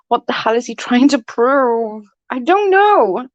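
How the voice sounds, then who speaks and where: She's a woman in her forties whose voice sits on the high side, sing-song and unhurried, as she chats casually with livestream viewers at home. She rambles, laughs often and swears freely, recorded with no echo in dull, dry lo-fi sound.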